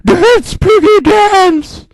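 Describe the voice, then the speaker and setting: A man's voice: on the high side, lively intonation, a little slow, gravelly, a bit bright, husky, dry recording, clean studio sound, heavily acted. Man doing a mocking cartoon potato host. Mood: shrieking. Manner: mocking, sing-song. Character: taunting TV potato presenter, cartoon.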